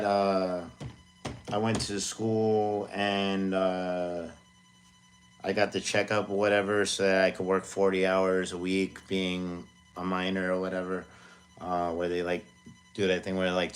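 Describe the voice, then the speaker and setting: A man's voice: sits low, monotone, a little slow. A man in his forties, a music producer chatting casually on a live stream from his home studio, rambling and self-deprecating with plenty of fillers. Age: 40s. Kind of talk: casual livestream chat.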